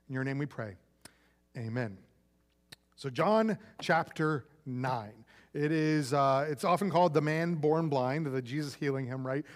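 A male pastor preaching a sermon in a relaxed, conversational way. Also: fairly high pitch, in a large hall.

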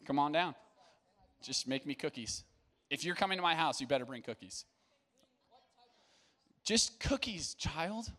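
A young male pastor with a bright, ringing voice pitched a little high, talking to a youth group in church. He mixes jokes with earnest advice, keeping it loose and conversational. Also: a little slow, long pauses. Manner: casual, joking and energetic, then earnest. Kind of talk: sermon to young people.

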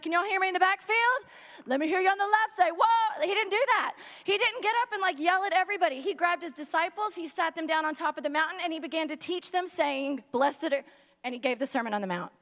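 Chatty high-voiced woman preaching in a hall. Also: a bit bright. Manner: chatty and joking, many filler words. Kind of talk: humorous casual sermon.

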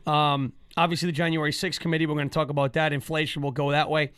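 A man co-hosts a casual political show with a high-pitched voice. He talks in a mocking, animated way and keeps jumping into silly voices. The recording is dry and close, with no room sound. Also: fast, clear, resonant tone, no echo. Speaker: co-host.

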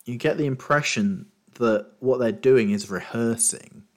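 A man running a tabletop game as game master, narrating scenes with frequent ums and pauses. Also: medium pitch, a little mellow. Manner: hesitant, lots of ums while describing.

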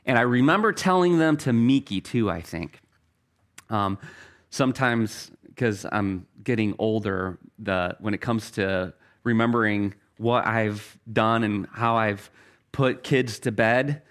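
A middle-aged man preaching a sermon as pastor, earnest, telling stories and slowing down for key phrases. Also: lowish voice, fairly bright tone.

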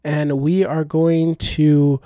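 A man co-hosting a casual podcast, talking in a relaxed, rambling way with plenty of fillers. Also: a little high, slow, dry recording, clean studio sound. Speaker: podcast co-host.

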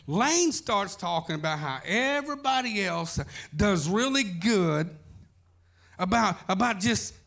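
A man's voice: extremely high pitch, gravelly, sharp tone. A man preaching a sermon, telling a folksy story as pastor.

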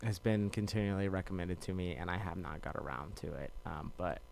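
A man co-hosting a podcast in casual chat, giving easygoing, measured opinions. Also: deep voice, fairly even intonation, vocal fry, darkish tone, a little hiss or hum. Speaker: podcast co-host.

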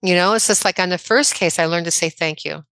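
A woman in her sixties from the American Midwest, a chiropractor telling personal stories in a casual interview, chatty and quick to laugh. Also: fairly low pitch, fairly bright tone, dry recording. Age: 60s. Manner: chatty, anecdotal, laughs often. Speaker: podcast guest, chiropractor.

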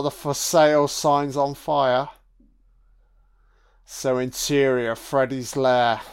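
Slow, sweary man. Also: medium pitch, smooth. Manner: sweary, sarcastic, mocking. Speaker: film commentator. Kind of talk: casual film commentary.

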